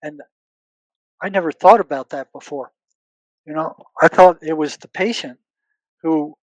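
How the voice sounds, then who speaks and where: A man's voice: on the high side, no room sound, rough recording. An older man, a retired psychotherapist interviewed as a guest, tells stories in a searching way, doubling back on his words and quoting past conversations. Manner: relives past conversations, quoting himself and others. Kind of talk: conversational storytelling.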